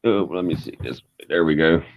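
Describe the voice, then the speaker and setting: A man's voice: very deep voice, normal speed. A man in casual chat with a brash, joking manner. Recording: muffled lo-fi stream audio.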